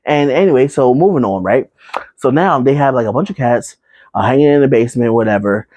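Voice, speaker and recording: A man's voice: mid-range voice, animated, a little mellow, no room sound. A man casually recapping a horror movie, rambling with fillers and asides, now and then acting out the characters. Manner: acts out characters in quick put-on voices.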